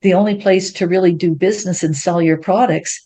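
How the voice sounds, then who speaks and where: A woman, an interview guest telling her life story in a lively way and acting out what people said. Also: fairly low pitch, brisk. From Ontario, Canada. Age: 70s. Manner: animated, acts out quoted speech in a raised voice.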